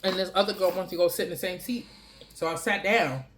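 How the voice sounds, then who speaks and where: A woman with a fairly low voice tells a story in a casual vlog, blunt and profane, animating each line as she goes. There is a faint hum of room sound behind her. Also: fairly quick. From New York City. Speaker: vlogger.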